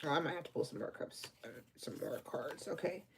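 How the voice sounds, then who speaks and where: Gravelly-voiced woman giving tarot readings. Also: sits low, lively intonation, brisk. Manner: casual, affectionate, uses slang and cussing; reads viewer names and answers comments. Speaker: tarot reader. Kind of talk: live-stream tarot reading.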